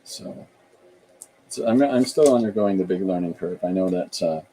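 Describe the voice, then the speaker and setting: Deep-voiced middle-aged man chatting. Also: normal speed, mellow, a little hiss or hum, poor audio. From Canada. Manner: rambling, thinking aloud with frequent restarts. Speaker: podcast host and author. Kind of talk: casual podcast chat.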